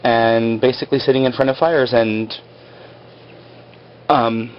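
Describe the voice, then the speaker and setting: A man's voice: mid-range voice, steady tone, a little slow, dull audio, slight background noise. Chatty man rambling through a recap. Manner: chatty, rambling, full of "like" and acted quotes. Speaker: episode recapper. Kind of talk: casual TV episode recap over stick-figure drawings.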